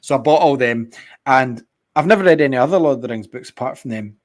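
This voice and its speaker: A man co-hosting a podcast, chatting casually in an excitable, sweary and rambling way. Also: mid-range voice, quick pace. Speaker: podcast co-host. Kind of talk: casual chat.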